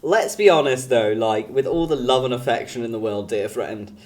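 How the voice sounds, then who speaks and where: Speaking at a normal speed in a medium pitch, a man streams live and chats casually with viewers. He's giggly and teasing, laughs often, and addresses people in chat by name.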